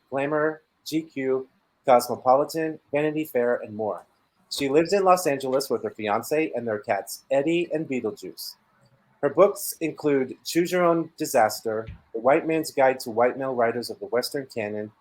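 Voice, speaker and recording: Male bookstore host, reads the intro script, formal and even. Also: medium pitch, low-quality recording. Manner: reads announcements and guest bios in an even, formal way.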